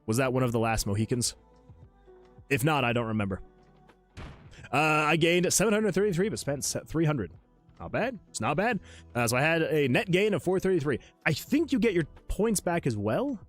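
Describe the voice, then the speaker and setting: Brief: man, livestream host, high-ish voice that swings widely, excitable chat, music underneath. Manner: excitable, laughs often, reads chat messages aloud. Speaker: livestream host and game developer.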